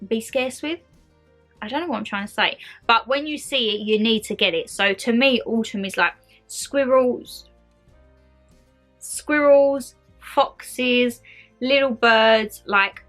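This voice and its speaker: Upbeat woman vlogger, rambling and gushing; bright, fairly high voice. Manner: bubbly, rambling, gushing with excitement. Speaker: lifestyle vlogger showing a shopping haul. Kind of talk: chatty haul vlog.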